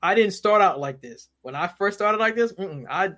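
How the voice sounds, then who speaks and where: A man with a high-pitched voice speaks as an interview guest. He talks casually and animatedly, acts out the people in his stories, and often repeats his words. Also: expressive, moderate pace, fairly bright tone.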